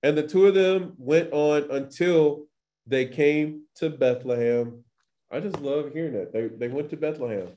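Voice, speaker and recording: A man's voice: a little high, a little slow, dark tone. Chatty man teaching scripture casually. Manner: chatty, full of "like" and acted-out quotes. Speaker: Torah teacher. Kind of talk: casual scripture study talk.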